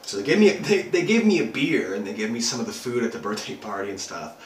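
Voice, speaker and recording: A man playing a rattled, foul-mouthed young guy spilling a story in a rambling rush of fillers and restarts. His pitch swings widely. He sits back from the mic in an echoey room with a faint hum of ambience. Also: animated, fast talker, close to an everyday voice. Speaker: actor performing a monologue. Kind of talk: self-written dramatic monologue. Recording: roomy echo, mic at a distance.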